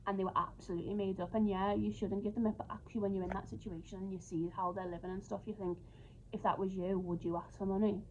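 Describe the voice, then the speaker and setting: A travel vlogger speaks fast in a medium-pitched, level voice, chatting casually, openly, and emotionally about her travels, sometimes tearful. The recording has a dull lo-fi sound with faint noise.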